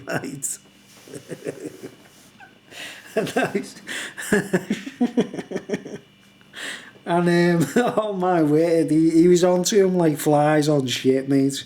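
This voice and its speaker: A man's voice: fairly high pitch, darkish tone. Rambling man, laughs through his story, very casual. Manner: laughs often, rambling, asks "you know what I mean". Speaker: vlogger.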